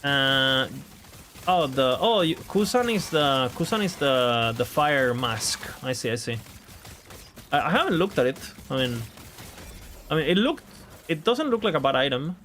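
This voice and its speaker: A man's voice: on the high side, very animated, moderate pace, a bit bright, a little hiss or hum. A man talking casually on his game stream, thinking aloud, hedging and repeating his words as he answers chat.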